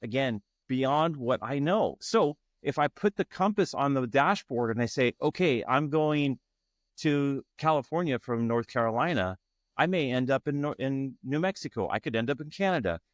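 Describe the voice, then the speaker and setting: A man's voice: mid-range voice, expressive, normal speed, hardly any pauses, dry recording, studio quality. A man speaking as a guest in an interview, earnest and searching, often restarting his phrases. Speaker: guest, tantra facilitator. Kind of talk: reflective interview talk.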